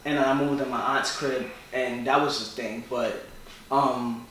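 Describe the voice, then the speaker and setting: A man's voice: medium pitch, steady tone, measured pace, fairly bright tone, a little hiss or hum. A young man from Philadelphia co-hosting a casual podcast, rambling loosely with lots of "like" and restarts. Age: young adult. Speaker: podcast co-host. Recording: roomy echo, distant mic.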